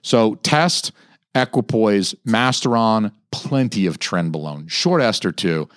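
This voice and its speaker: Speaking slowly, this man in his thirties delivers an animated, profanity-heavy podcast rant. The clean studio sound carries no echo, and he mimics others' lines in a raised, mocking voice.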